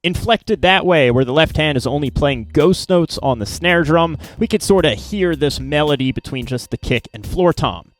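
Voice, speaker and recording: A man's voice: a little high, moderate pace, hardly any pauses, faint music behind. Chill guy walking through drum patterns, counting strokes, faint drums in the back. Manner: relaxed, informal, counts drum strokes aloud. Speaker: drum teacher. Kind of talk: instructional explanation.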